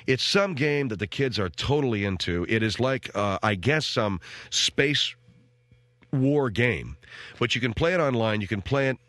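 A man's voice: mid-range voice, animated, a little slow, fairly bright tone, dry recording. A middle-aged man hosting a talk show, ranting in a rambling, wisecracking way and mimicking the people he talks about. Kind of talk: comic rant to co-hosts.

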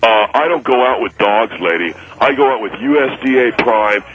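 A man's voice: medium pitch, normal speed, background noise, close to an everyday voice. A man voicing a cocky young male telemarketer in a radio comedy bit, smug and nasal, boasting about himself. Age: 20s. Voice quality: nasal, slurred speech. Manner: smug, boastful sweet-talker. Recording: dull radio broadcast sound.

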